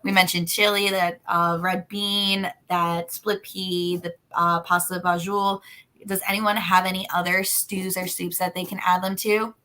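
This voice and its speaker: A woman nutritionist speaks on a video call in a fairly low voice, friendly and explanatory. She fills her sentences with little ums and likes. It is a casual group chat. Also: little pitch movement, measured pace, sharp tone. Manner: friendly, explanatory, many fillers. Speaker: nutritionist presenter.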